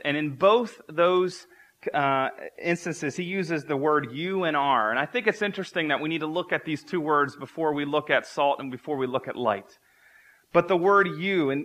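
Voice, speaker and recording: A man's voice: a little high, pushed and bright. A man in his thirties preaching a sermon as pastor, earnest and repeating key phrases for emphasis.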